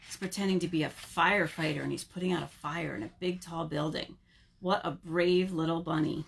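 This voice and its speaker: A woman working as a children's librarian, reading a picture book aloud in an animated, sing-song way and asking the children questions, recorded at home. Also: low-pitched, normal speed, vocal fry, slightly rough. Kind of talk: storytime read-aloud for children.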